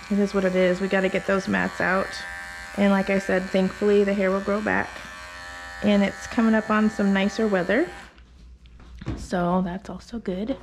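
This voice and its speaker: A woman dog groomer talking casually as she works in her grooming salon, rambling with fillers and slipping into a soft sing-song voice to coax the dog. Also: medium pitch, noisy background. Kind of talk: casual narration while working.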